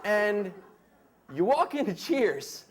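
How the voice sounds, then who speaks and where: Lively, high-voiced young American man. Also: slow, slight background noise. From United States. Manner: casual, animated, heavy use of "like". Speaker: storyteller. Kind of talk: live story slam storytelling. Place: stage before a live audience.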